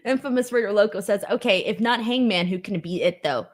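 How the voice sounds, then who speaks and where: A woman's voice: mid-range voice, fairly quick. A young woman hosting a casual wrestling post-show, reading viewer comments aloud and laughing often. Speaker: host. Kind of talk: casual chat.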